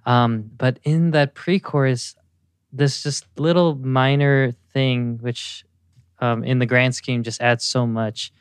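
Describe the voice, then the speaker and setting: Slow-talking guy on a music podcast, smooth clear voice, dry sound, lots of ums. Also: medium pitch, steady tone, dry recording. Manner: unhurried, many pauses and fillers, gushing. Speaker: podcast co-host. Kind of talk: casual chat about music.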